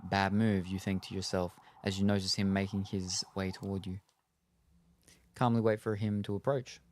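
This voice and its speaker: A man's voice: sits low, normal speed. Give me a man reading a game's story aloud. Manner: steady narration with casual asides. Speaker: game streamer. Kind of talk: reading game text aloud.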